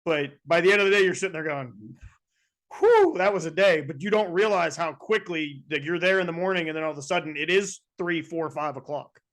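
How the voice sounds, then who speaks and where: A man's voice: fairly high pitch, fast talker, hardly any pauses, fairly bright tone. Hesitant man interviewing a guest. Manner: hesitant, restarts his questions. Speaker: interviewer host. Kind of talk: casual interview chat.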